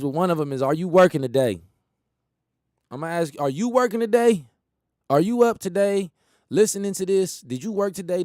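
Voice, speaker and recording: A man's voice: high-pitched, darkish tone, no echo, studio quality. Emphatic man riffing on talk radio. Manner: rambling, emphatic, repeats phrases, laughs at his own jokes. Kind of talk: casual monologue.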